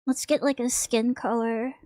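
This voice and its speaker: Young woman streamer, high voice, slow rambly crude chat, dry close mic. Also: steady tone, mellow, dry recording. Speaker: vtuber streamer. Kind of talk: casual stream chat while drawing.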